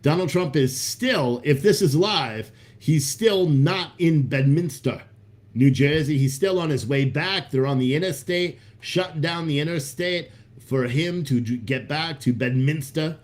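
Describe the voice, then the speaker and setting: A man's voice: a little high, measured pace. A man hosting a live stream, chatting casually with viewers in a loose, profane, hyped-up way. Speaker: livestream host selling coffee.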